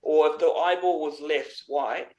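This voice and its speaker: Kiwi-male tutor, slightly high voice, relaxed and suggestive in his coaching. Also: measured pace, muffled recording. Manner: easygoing, guiding with suggestions and restarts. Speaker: art tutor. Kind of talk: casual chat and instruction.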